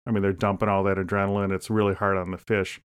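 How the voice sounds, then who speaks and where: Deadpan joking man, low voice. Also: fast talker, smooth. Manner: deadpan joking, rambling asides. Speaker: podcast co-host. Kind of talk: casual comedic chat.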